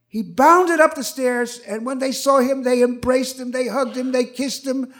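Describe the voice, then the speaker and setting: An older man telling a true personal story on stage at a live event, animated and acting out the voices of the people in it. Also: very high voice, unhurried. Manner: animated, acts out quoted voices.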